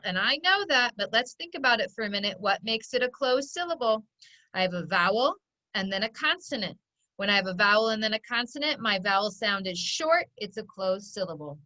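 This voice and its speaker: A woman teaching a children's phonics lesson, her voice bright and fairly high. She talks patiently and breaks words into sounds and syllables, slowly and clearly. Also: rough recording.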